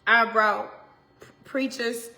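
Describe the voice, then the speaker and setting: A woman minister with an Atlanta accent, preaching in a heartfelt talk that swings from hushed tones to loud exhortation, with Southern turns of phrase and repeated lines. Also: fairly high pitch, fairly even intonation, takes it slowly, gravelly. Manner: impassioned, swings from hushed to shouting.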